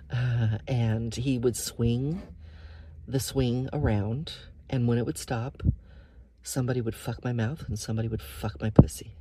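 A woman hosting her own podcast in an intimate, casual monologue, soft and breathy, often slipping into whispers. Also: rumbling low, steady tone, measured pace, long pauses, noisy background. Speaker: podcast host.

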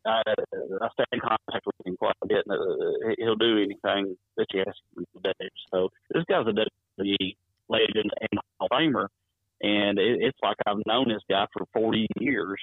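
Guy on a tinny phone, lowish voice, rambling, chuckles a lot as he tells wrestling stories. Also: moderate pace, breathy edge, no room sound. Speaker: wrestling promoter. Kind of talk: phone-in interview storytelling. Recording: tinny dry phone line.

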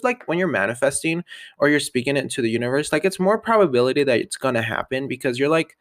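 A man's voice: mid-range voice, no room sound, studio quality. A man vlogging a casual catch-up, chatty and upbeat, rambling with lots of fillers and little laughs. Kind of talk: casual catch-up vlog chat.

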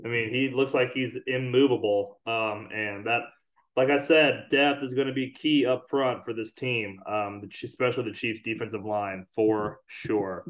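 A man hosting a casual sports podcast, easygoing and quick to laugh. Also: mid-range voice, steady tone. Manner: easygoing, laughs often, wraps up the show. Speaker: podcast host.

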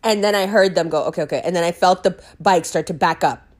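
A woman telling a story in a casual monologue, blunt and animated, swearing freely and laughing often. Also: on the low side, fast.

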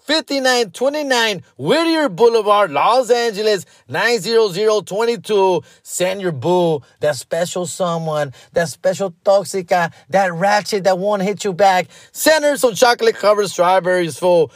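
A man voicing an overexcited male radio ad announcer, loud and high. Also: expressive, no room sound, studio quality. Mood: hyped. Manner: loud, hyped, drawn-out pitch.

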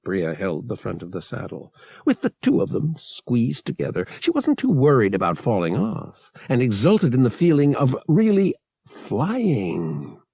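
Gravelly, slow male audiobook narrator. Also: mid-range voice, no room sound, clean studio sound. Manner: measured, expressive storytelling.

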